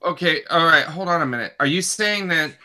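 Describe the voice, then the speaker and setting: A man on a casual online radio panel, talking in halting, exasperated bursts of slang. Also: fairly high pitch, pushed and bright.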